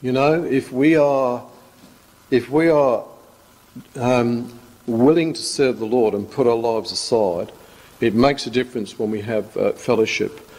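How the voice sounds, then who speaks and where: A man's voice: medium pitch, measured pace, darkish tone. A male pastor, giving an informal sermon full of rambling, joking stories. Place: church hall. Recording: echoey church hall.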